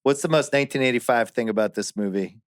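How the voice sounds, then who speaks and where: A man's voice: medium pitch, fast talker, smooth, dry recording. Middle-aged male host, wry and casual, dead-dry studio sound. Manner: wry, steers the talk with questions. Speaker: podcast host. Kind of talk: casual chat.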